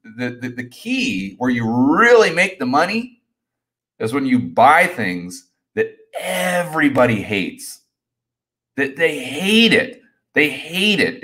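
A middle-aged man hosting a casual live stream Q&A, talking with energetic, rambling enthusiasm and repeating his words. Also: medium pitch. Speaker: host.

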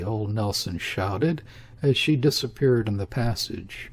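A man narrates a classic novel in a husky voice at a slow, deliberate pace. His pitch sits in the middle range and his reading stays even and measured throughout. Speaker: audiobook reader. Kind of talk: scripted literary narration.

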